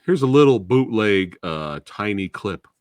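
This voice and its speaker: Low-voiced, animated man reviewing a film. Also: measured pace, very noisy. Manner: excitable, laughing, swears casually. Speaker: podcast host and film reviewer. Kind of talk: casual film review chat.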